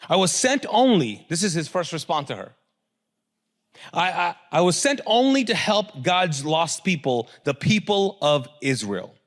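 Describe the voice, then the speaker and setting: A middle-aged man preaching a sermon with a high voice that swoops up and down all the time. He puts on the voices of the people in the story and keeps asking his listeners to answer. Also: unhurried. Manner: animated, acts out quoted voices, asks the congregation questions. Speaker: pastor.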